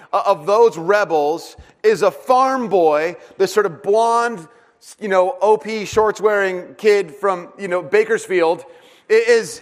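Male pastor, casual joking sermon delivery with lots of ums and restarts, slightly high voice, long reverb. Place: church hall.

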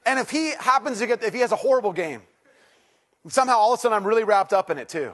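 A man's voice: sits high, expressive, fast talker, a bit bright. A man in his thirties talking to an audience, telling a self-mocking personal story and acting out his own reactions. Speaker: speaker addressing an audience.

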